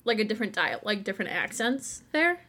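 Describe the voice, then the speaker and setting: A woman's voice: medium pitch, very animated, brisk, bright, forceful tone. A young woman from Buffalo, co-hosting a podcast in casual, laughing chat full of restarts. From Buffalo, New York. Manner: chatty, laughing, many restarts. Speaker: podcast co-host.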